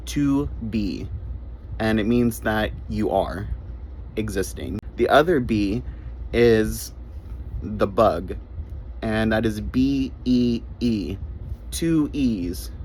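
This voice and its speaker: Low-voiced man teaching English grammar. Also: drawn-out words, pauses often, darkish tone, a little hiss or hum, poor audio. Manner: spells words out letter by letter, repeats key points. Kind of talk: short grammar lesson.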